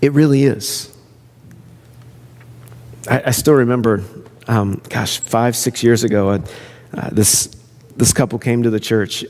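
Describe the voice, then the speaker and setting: A man's voice: medium pitch, a little mellow, long reverb tail. A man pastor preaching a sermon in an earnest, conversational way. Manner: conversational, earnest, self-interrupting.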